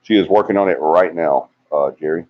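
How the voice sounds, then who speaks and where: A man's voice: low-pitched, fairly quick. A man hosting a casual livestream, reading out viewer comments and teasing them in a chatty way. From Alabama. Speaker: livestream host. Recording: dull lo-fi livestream audio.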